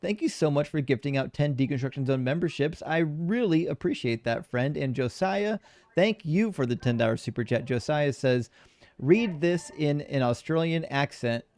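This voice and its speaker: A man's voice: on the high side, lively intonation, moderate pace, a little mellow, dry recording. Chatty man hosting a live stream. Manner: chatty, addresses viewers as friends. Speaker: live-stream debate host. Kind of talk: casual live-stream chat reading super chats.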